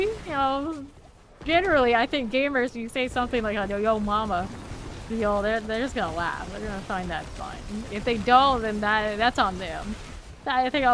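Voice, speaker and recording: Woman, game streamer, casual chatter, laughs a lot, noisy background. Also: mid-range voice. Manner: chatty, laughs often, reacts to chat. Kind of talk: casual gameplay streaming chat.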